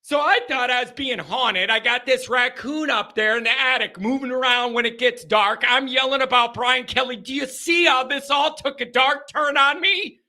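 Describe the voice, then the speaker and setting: A man hosting a live call-in sports show, chatting casually and telling stories in animated, rambling bursts. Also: very high-pitched, normal speed, few pauses. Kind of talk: casual live-stream chat and storytelling.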